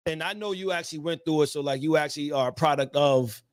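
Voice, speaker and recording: A male interviewer with a voice a touch higher than most men. He asks his questions casually, stopping and repeating words as he goes. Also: no room sound, studio quality. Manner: halting, repeats words while asking.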